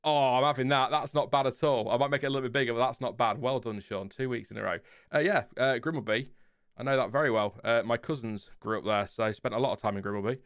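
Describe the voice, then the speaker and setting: A man with a Lincolnshire accent hosts a casual livestream, reading out viewer comments in a calm, fairly flat voice, rambling and laughing often. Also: mid-range voice, fast talker, clear, resonant tone, dry recording, clean studio sound. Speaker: livestream host.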